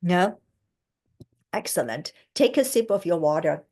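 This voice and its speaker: A woman voice coach teaching an online class, speaking slowly and encouragingly as she demonstrates breathing and tones over a video call. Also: lowish voice, expressive, dark tone.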